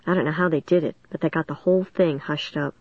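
A woman reading a first-person story aloud in a steady, measured way. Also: low-pitched, breathy edge, dry recording, dull audio. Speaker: audiobook narrator.

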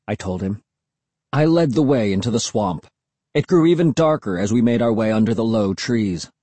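Male audiobook narrator, husky, suspenseful, dry close read. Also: mid-range voice, no room sound. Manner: expressive, suspenseful storytelling. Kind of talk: scripted narration.

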